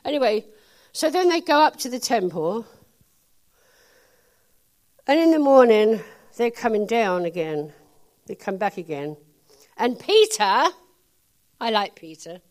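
A woman's voice: a little high, lively intonation, a little slow, pauses often, a little mellow. A woman preacher giving a chatty sermon, laughing often and adding playful asides.

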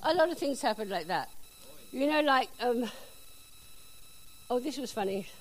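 A woman telling a personal faith testimony in a chatty, animated storytelling way. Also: on the high side, moderate pace, a little hiss or hum, rough recording. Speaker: speaker giving a testimony.

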